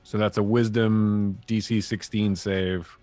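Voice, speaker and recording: A man's voice: fairly low pitch, little pitch movement, takes it slowly, darkish tone, dry recording, soft background music. A man playing a tabletop game, explaining his character's moves with joking, profane banter. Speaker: player. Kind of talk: tabletop game play chat.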